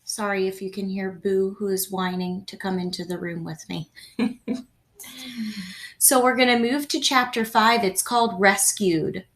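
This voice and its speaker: A woman reading a children's book aloud at home, in a gentle, expressive storytelling manner. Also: medium pitch, a little slow. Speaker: reader.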